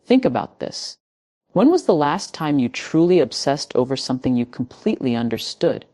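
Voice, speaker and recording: A woman giving a scripted motivational speech in measured, emphatic short phrases with dramatic pauses. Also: deep voice, very animated, warm tone. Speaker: motivational speaker.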